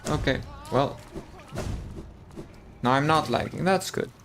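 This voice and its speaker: A man's voice: on the high side, takes it slowly, a bit bright, a little hiss or hum. A man with an American-sounding English accent giving casual, chatty commentary while streaming a game and talking to his chat. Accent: American-sounding English learned from TV.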